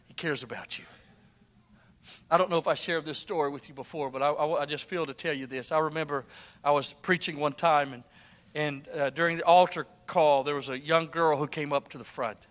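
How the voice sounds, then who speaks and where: Fervent male preacher, loud to whispered. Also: fairly high pitch, steady tone, fairly quick, in a large hall. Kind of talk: sermon.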